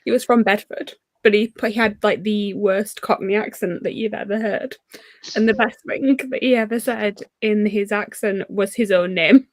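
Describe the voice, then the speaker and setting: A woman's voice: medium pitch, steady tone, moderate pace, dry recording. Woman telling a story. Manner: storytelling, hesitant fillers. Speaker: friend on a group call. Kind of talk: casual chat.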